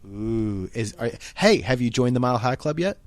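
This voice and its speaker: Lively, playful American man hosting. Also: medium pitch, moderate pace. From United States. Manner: playful, crude jokes, lively banter. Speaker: podcast host. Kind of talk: casual chat.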